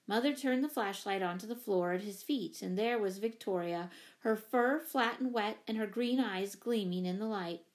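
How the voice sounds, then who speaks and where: A woman narrating a children's story in an even, expressive reading. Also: mid-range voice, moderate pace. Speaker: audiobook reader. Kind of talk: scripted narration.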